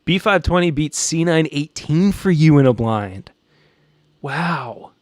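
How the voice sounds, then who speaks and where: A man with a Southern American accent, from the Southern United States, hosts a podcast, joking casually as he reacts to a live chat. His voice sits on the high side and is expressive, with a slow pace and a dry recording. He sounds a little stressed.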